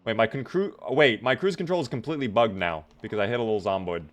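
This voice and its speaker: A man streaming a game live jokes around casually with his viewers, swearing freely as he chats. He talks quickly in a medium-pitched voice.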